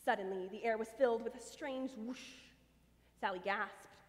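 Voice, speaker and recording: A woman reading a children's story aloud at a church service, expressive and lively. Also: on the high side, normal speed. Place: church sanctuary. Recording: long church reverb.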